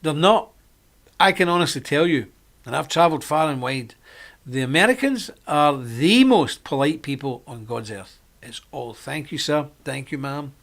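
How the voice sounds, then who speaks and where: A middle-aged man hosts a live stream and talks on in a loose, rambling way. His voice sits a little high for a man, and he laughs often between his points. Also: very animated, normal speed, fairly bright tone. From Britain. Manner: rambling, chatty, frequent laughs. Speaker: host.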